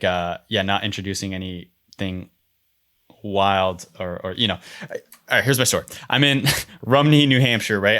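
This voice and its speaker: A man with a low, bright and forceful voice hosts a casual podcast. He tells stories with animated energy and acts out what people said. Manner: animated storytelling, acts out quotes. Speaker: podcast host.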